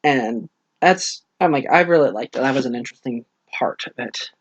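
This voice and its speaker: A young man rambling through a casual book review, retelling the plot with lively acted-out quotes. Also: medium pitch, normal speed, breathy edge, dry recording, lo-fi sound.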